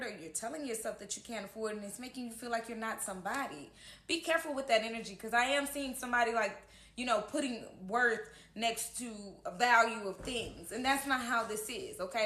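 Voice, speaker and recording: A woman's voice: fairly high pitch, sharp tone. A woman giving a casual tarot horoscope reading, earnest and encouraging, often checking in with "okay?", recorded in an echoey room at home. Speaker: tarot reader.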